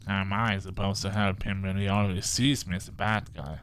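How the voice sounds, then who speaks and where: An actor playing a wise, dryly encouraging ancient male vampire mentor in a game, speaking in a measured way. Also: deep voice, little pitch movement, fairly bright tone, a little hiss or hum. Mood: gentle.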